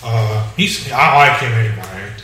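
A man co-hosting a casual podcast chat, talking in halting bursts with many fillers and restarts. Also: on the low side, sharp tone, a little hiss or hum. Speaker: podcast co-host. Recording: echoey room, mic far off.

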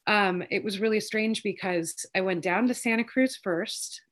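Fast-talking woman full of fillers. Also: mid-range voice, fairly bright tone. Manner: fast, rambling, many fillers. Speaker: lawyer and cannabis advocate. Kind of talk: casual interview storytelling.

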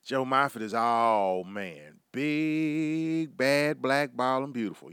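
A man with a clear, resonant, fairly bright mid-range voice takes his time, recorded dry with studio quality. He's a comedy podcast host doing a brash, crude monologue, riffing with mock asides to an imagined crowd.

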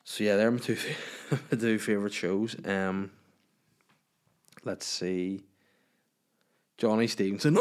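A man's voice: lowish voice, unhurried. Sweary, rambling Northern Irish man. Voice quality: sweary, self-mocking, rambling. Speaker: podcast host. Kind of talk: casual solo podcast chat. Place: room at home.

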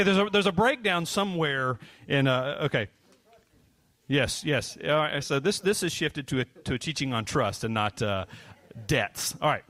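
A man preaching a children's sermon in a bright, playful teaching manner, tossing questions to the kids as he goes. His voice sits in an ordinary middle pitch, recorded close and dry with no room sound. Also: dry recording.

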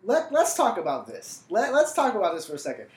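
A man's voice: high-pitched, brisk. Comedian man ranting on a podcast. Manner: animated, emphatic and profane when ranting. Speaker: stand-up comedian. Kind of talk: casual podcast chat. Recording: roomy echo.

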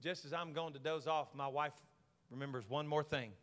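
A man pastor preaching an animated sermon, telling a story with jokes and swinging from hushed asides to loud shouting. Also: a little high, moderate pace. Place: large church sanctuary. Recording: long church hall reverb.

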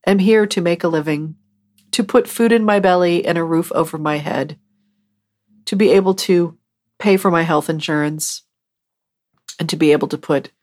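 A woman hosting her podcast, talking on her own in a rambling, chatty and self-mocking way. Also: on the low side. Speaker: podcast host. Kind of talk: casual solo podcast monologue.

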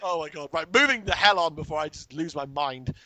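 A man's voice: on the high side, lively intonation, brisk, bright, forceful tone, no echo. A man co-hosting a podcast, bantering with friends, swearing and sounding incredulous. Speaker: podcast co-host. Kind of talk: casual chat.

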